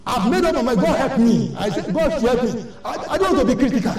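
A woman's voice: a little high, sing-song, quick pace, a little mellow. An older woman with a Nigerian accent, a church elder preaching a sermon in an emphatic, repetitive, scolding way. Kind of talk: sermon exhortation. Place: large church hall. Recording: echoey church hall from far off.

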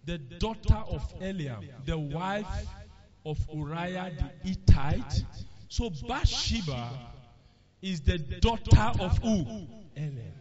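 A man preaches to his congregation in a high, wide-ranging voice, drawing out each phrase slowly and quizzing his listeners before answering. The recording is dull and lo-fi. The crowd is clearly heard behind him. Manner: animated preaching with call-and-response questions. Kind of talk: sermon. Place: church.

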